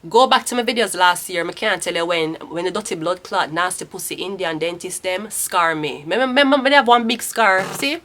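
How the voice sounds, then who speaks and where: Jamaican lady in her 30s doing a tarot reading, bright edgy voice, blunt and cussing a lot. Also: lowish voice, a little fast, few pauses. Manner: blunt, profane, ranting. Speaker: tarot reader.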